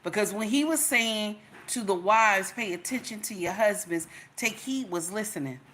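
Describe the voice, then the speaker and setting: Middle-aged woman livestream host, bright voice, emphatic and repetitive. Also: medium pitch, normal speed. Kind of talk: casual livestream commentary.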